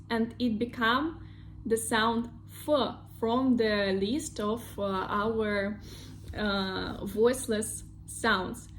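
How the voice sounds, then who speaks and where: Russian-accented young woman, language teacher, unhurried delivery, repeats words to drill them. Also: on the high side, a little hiss or hum. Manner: slow, patient, repeats example words several times. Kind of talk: casual online language lesson.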